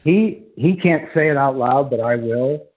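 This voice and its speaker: A man's voice: medium pitch, a little slow. A man calling in to a radio show as a guest, giving emphatic college football analysis. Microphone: telephone. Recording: tinny phone line.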